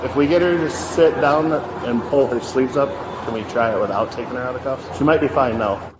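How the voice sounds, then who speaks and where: Man, deputy, calm, procedural, quick, noisy background. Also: medium pitch. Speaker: sheriff's deputy. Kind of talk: procedural reading to a detainee. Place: roadside stop and hospital room.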